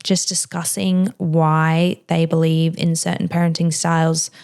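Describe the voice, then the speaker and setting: A woman's voice: deep voice, level tone, a little slow, vocal fry, darkish tone, clean tone. Frank, chatty woman podcast host. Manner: frank, chatty, heavy use of "like" and "you know". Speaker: mother. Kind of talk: casual advice chat.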